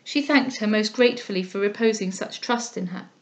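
A woman reading a classic novel aloud in a steady, measured storytelling voice. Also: medium pitch. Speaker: audiobook reader.

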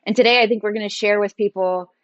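Animated woman telling her story on a podcast. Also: medium pitch, fast talker, no room sound, muffled recording. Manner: animated, acts out quoted dialogue in her stories. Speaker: podcast guest, entrepreneur and designer. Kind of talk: storytelling interview conversation.

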